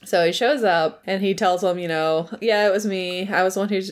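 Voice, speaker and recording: Woman podcast co-host, mid-pitch, chatty recapper who laughs often. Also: brisk. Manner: animated storytelling, frequent laughter. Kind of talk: casual chat recapping a TV episode.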